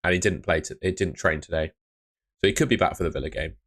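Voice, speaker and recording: Brief: man, somewhat low voice, easygoing live stream host, chatty, answering viewer questions. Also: fast, a bit bright. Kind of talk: casual live stream chat.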